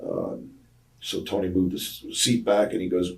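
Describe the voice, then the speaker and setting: A very low-voiced older man spins long anecdotes from his wrestling days, hesitating often and slipping into the voices of the people he quotes. He sits a little back from the microphone, so he sounds slightly distant. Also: sing-song, moderate pace, vocal fry, a little mellow. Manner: rambling anecdotes with many fillers, acting out quoted voices. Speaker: retired pro wrestler, interview guest. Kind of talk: casual storytelling interview.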